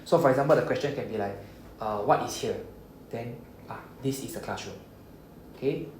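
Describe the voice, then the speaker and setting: In a classroom where the sound echoes over a faint background hum, a Japanese teacher runs a beginners' class. His Singaporean-accented English is medium in pitch, a little mellow, and a bit quick, and he explains patiently while repeatedly checking "okay?" and "right?"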